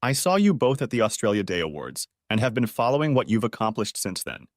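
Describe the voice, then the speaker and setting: A man's voice: medium pitch, very animated, moderate pace, dry recording, lightly acted. A man reads a broken, remorseful ex-wife who pleads sadly. The delivery stays close to a plain storybook reading voice, recorded dry and close. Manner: sad, pleading. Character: remorseful middle-aged ex-wife.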